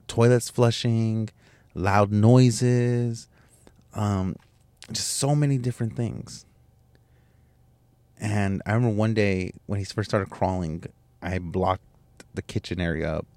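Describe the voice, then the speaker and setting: Young male podcast host, lowish voice, dry close sound, candid emotional storyteller. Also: slow pace, pauses often, darkish tone, no room sound. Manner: candid, emotional, rambling with restarts and swearing. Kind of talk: personal storytelling monologue.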